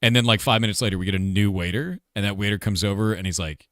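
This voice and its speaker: A man's voice: lowish voice, quick pace, fairly bright tone, no echo, studio quality. A man in his forties, a game developer and streamer, chatting casually, rambling, laughing often and swearing offhandedly. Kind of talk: casual livestream chat.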